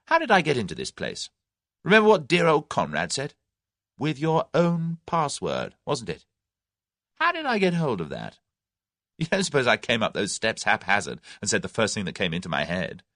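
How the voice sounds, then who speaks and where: A man's voice: mid-range voice, huge pitch swings, moderate pace, fairly bright tone, dry recording, studio quality, pitched above the performer's own voice. An actor reading the part of a brash young Englishman who taunts and bluffs his captors. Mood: cocky. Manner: cocky, taunting.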